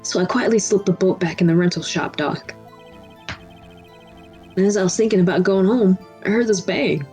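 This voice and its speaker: A woman voicing a gruff old male witness while reading game dialogue aloud, in a rambling, rushed way. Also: medium pitch, darkish tone, faint music behind, natural voice.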